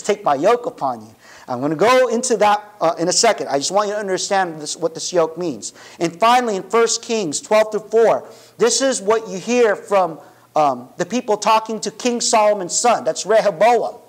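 A man with a very high voice preaches a sermon in a loose, conversational way. He keeps checking in with his listeners and restarts sentences as he thinks aloud. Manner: conversational preaching, frequent "right?" and "you know" asides; restarts and self-corrections. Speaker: pastor.

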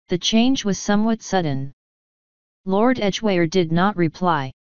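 A woman narrating an audiobook in a steady, measured reading voice. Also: medium pitch, clear, resonant tone, no room sound. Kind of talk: scripted narration. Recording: dull dry recording.

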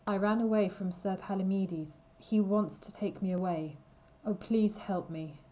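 A woman's voice: medium pitch, a little slow, mellow, close to an everyday voice. Iseult, a frightened young queen, read by a woman. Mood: pleading.

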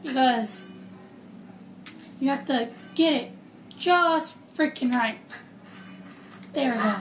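Woman, casual gameplay commentary, chatty, joking, unhurried, roomy echo, game music behind. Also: high-pitched. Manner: rambling, chatty, jokey asides. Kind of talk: casual let's play commentary.

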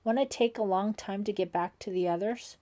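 A woman's voice: fairly quick, dark tone, close to an everyday voice. Woman voicing an anxious teenage girl. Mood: puzzled. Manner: pleading, questioning, rising pitch. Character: curious teenage girl camper, anxious and earnest.

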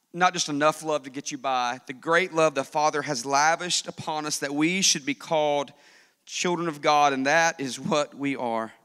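A male pastor preaching a sermon, telling stories with lively swings between hushed and loud delivery. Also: a little high, long reverb tail. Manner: animated storytelling preacher, swings from soft to loud.

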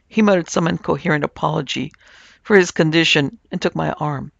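Gravelly-voiced male storyteller. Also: on the high side, a bit bright, no room sound, highs cut off. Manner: measured storytelling. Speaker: narrator and producer. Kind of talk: scripted narration of a supernatural tale.

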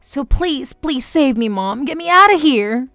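Casting: a woman playing a begging teen daughter, high and bright, dry close sound, soft music under. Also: animated, measured pace, dry recording, heavily acted. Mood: pleading. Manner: pleading, tearful. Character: desperate teenage girl begging her mother.

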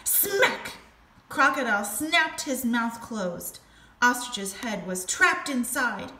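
Lady teacher reading a kids' story, super slow, kinda high voice. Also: animated. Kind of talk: reading a storybook aloud to a class. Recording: echoey room with faint noise.

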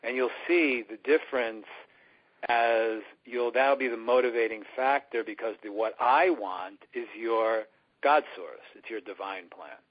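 A man's voice: medium pitch, unhurried, slightly rough. A man speaking as an earnest spiritual teacher in a conversational radio interview, often acting out the inner voices he describes. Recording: dull lo-fi radio recording.

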